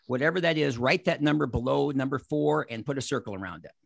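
A man in his sixties giving an energetic motivational talk on a video call, acting out the exchanges he describes. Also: medium pitch, fast, vocal fry, no room sound. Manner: animated, acts out quoted exchanges. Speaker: motivational speaker.

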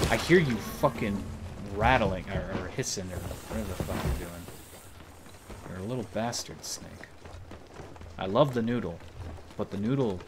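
A man's voice: lowish voice, heavy background noise. A young man streaming a game, chatting casually with lots of swearing and laughter. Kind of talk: casual gaming chat. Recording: game sounds in the background.

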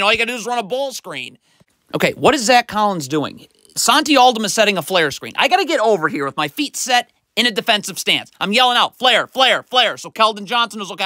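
A man's voice: sits high, pushed and bright, no room sound. A man breaking down basketball game film as a commentator, exasperated and critical, explaining defense like a coach.

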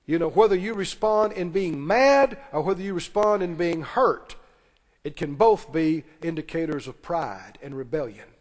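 A man preaching a sermon, calling on the congregation to respond and breaking into quick asides. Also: on the high side, animated. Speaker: pastor. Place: church sanctuary. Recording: long reverb of a church hall.

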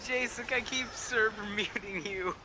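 A man's voice: high voice, unhurried, over a noisy crowd. A man on a voice call with friends, teasing and bantering while they play a game. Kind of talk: casual gaming chat. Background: game music.

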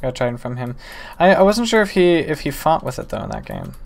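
A man's voice: a little high, wildly swooping pitch, fast, gravelly. A man playing a video game and commenting live, talking to himself and the game with mock-exasperated outbursts. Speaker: gaming YouTuber.

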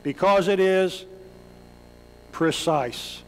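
A pastor with a high, clear, resonant voice preaches extremely slowly in a church sanctuary, dramatically telling a story and crying out the lines of its characters. The recording has long hall reverb.

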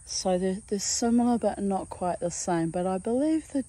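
A woman with a New Zealand accent, telling a story in a slow, intense casual monologue with dark humor. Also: medium pitch, expressive, low-quality recording.

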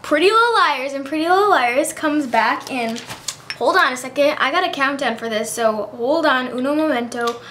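Bubbly high-voiced teen girl vlogger. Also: normal speed, a bit bright, slight background noise. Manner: bubbly, chatty, lots of fillers. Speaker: beauty vlogger. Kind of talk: casual chat.

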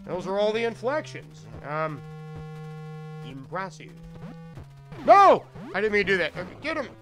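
A man's voice: high voice, very animated, a bit bright, soft background music, rough recording. A man streaming himself playing old console games, making running jokes and talking to his chat. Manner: joking, talks to chat, quick asides. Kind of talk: casual gameplay commentary.

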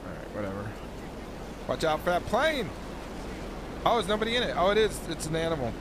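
A man speedrunning a game and commenting casually, excitable and swearing, shouting when a run goes wrong. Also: a little high, fairly quick, noisy background. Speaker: speedrunner streaming his own game runs.

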